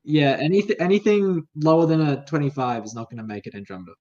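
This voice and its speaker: Man, game master, casual narration, lots of ums, slightly high voice, muffled lo-fi audio. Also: quick pace. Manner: relaxed, hesitant with many fillers.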